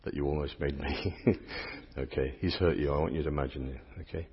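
Speaking a little fast in an extremely low, steady voice, a middle-aged English priest delivers a playful sermon, teasing volunteers and bantering with his congregation. The church recording is dull and lo-fi with long reverb and a touch of hiss or hum.

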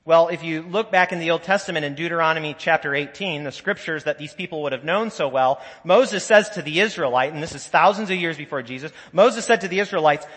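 A man with a fairly high, bright voice preaching a sermon in a church sanctuary. He talks conversationally, telling stories, making asides and acting out quotes. A long church reverb trails his words. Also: brisk, hardly any pauses, breathy edge. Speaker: pastor.

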